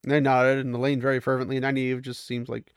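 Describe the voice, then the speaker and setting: A man's voice: medium pitch, completely flat delivery, fast, clean tone, no echo, clean studio sound. A man casually recapping a fantasy novel, chatty and amused, lightly voicing the characters as he goes. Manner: chatty, laughs at the story, voices characters lightly. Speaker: book recap host.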